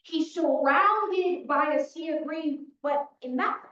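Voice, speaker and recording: High-voiced young woman arguing in echoey courtroom. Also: takes it slowly, fairly bright tone. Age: young adult. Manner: vivid storytelling, punchy short sentences. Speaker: defense attorney in a mock trial. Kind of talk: dramatic opening statement. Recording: dull, echoey hall from far off.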